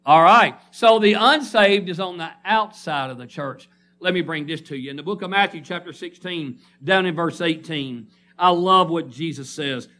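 A man's voice: on the high side, moderate pace, bright, forceful tone. A man preaching a sermon to a congregation, reading scripture and calling for responses. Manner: emphatic call-and-response preaching. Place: church congregation.

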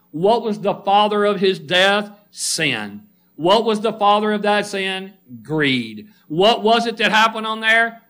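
A middle-aged male preacher delivers a sermon emphatically, firing questions at the congregation and calling listeners by name. His voice is high-pitched with a sharp tone.

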